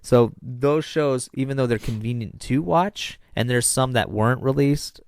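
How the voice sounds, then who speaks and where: A man's voice: medium pitch, unhurried, smooth, no echo, studio quality. A man co-hosting a podcast in casual chat, ranting with strong opinions. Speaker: podcast co-host.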